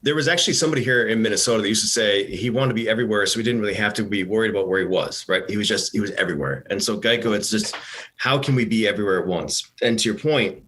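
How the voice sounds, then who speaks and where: Fast-talking lower-voiced man, podcast guest. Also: a bit bright. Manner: talks quickly with fillers, tells anecdotes. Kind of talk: casual conversation.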